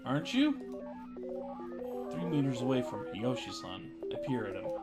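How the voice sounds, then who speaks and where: A male streamer reading a visual novel aloud, his voice sitting at an ordinary middle pitch. He breaks in now and then with dry, jokey asides. Music plays steadily behind the narration. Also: lively intonation, a little fast.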